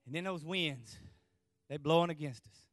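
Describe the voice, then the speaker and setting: A man preaching a fervent revival sermon, repeating refrains and letting out whooping shouts. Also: fairly high pitch, moderate pace, dry recording, clean studio sound, faint music behind. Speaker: pastor.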